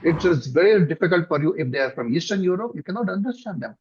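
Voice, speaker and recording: A middle-aged man with a South Indian accent, answering interview questions as a company director in a thoughtful, halting way with many fillers. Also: fairly high pitch, expressive, slight background noise. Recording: dull lo-fi recording.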